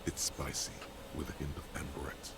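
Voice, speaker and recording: An actor playing a brooding, grave narrator voice in a video game, speaking in a slow, gravelly way. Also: male voice, rumbling low, completely flat delivery. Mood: solemn. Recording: game audio with clear background noise.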